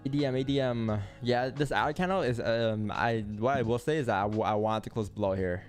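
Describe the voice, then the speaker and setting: A man's voice: mid-range voice, a little fast, soft background music. A young man hosting a live trading stream, talking loosely and repeating himself as he walks through charts. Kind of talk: casual live-stream commentary.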